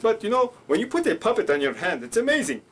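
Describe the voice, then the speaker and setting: A man's voice: sits high, very animated, fast, breathy edge. A man teaching puppet voices in a rambling, playful way. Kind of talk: instructional puppet show.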